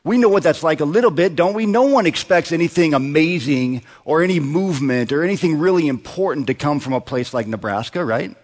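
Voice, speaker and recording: A man's voice: fairly high pitch, animated, fairly quick, few pauses. A man in his thirties preaching a sermon in a conversational way, often asking the congregation rhetorical questions. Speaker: pastor. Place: church sanctuary. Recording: long hall reverb.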